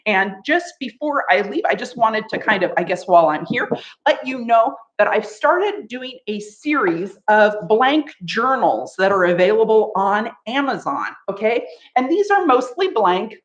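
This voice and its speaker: Upbeat woman coach for an online laughter class; playful, bouncy, lively delivery. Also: a little high, a little slow. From United States. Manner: playful, laughing often, chanting ho ho ha ha. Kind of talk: live online laughter yoga session.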